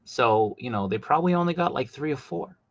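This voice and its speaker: A man hosting a casual livestream chat about collectible figures, talking animatedly, his voice jumping high when he gets exasperated. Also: animated, fairly quick, dry recording, muffled recording. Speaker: host.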